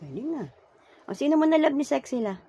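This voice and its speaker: A woman's voice: high-pitched, very animated, fast talker, warm tone. A woman with a Filipino accent, coaxing and encouraging a small child in a home video. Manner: sing-song, coaxing and encouraging. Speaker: caregiver teaching a toddler.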